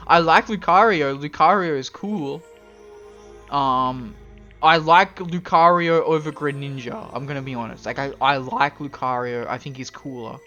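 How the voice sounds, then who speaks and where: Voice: medium pitch, unhurried, sharp tone, faint music behind. A streamer chatting casually with viewers and laughing often while playing a visual novel.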